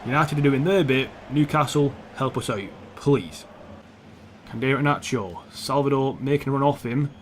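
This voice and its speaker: A young man commentating his own football video game match, swearing often and shouting at the players on screen. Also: medium pitch, normal speed, a little hiss or hum. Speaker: gaming YouTuber. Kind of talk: gameplay commentary.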